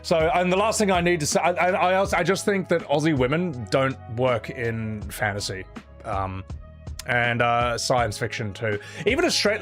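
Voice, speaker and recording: A man's voice: medium pitch, fairly bright tone. A man chatting casually on a live stream, blunt and opinionated, swearing freely and rambling through his points with restarts.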